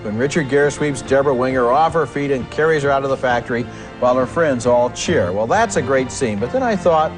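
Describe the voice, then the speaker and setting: A man's voice: mid-range voice, expressive, fairly quick, music in the background. A man co-hosting a TV film review show, speaking in an eager, enthusiastic way. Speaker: film critic, co-host.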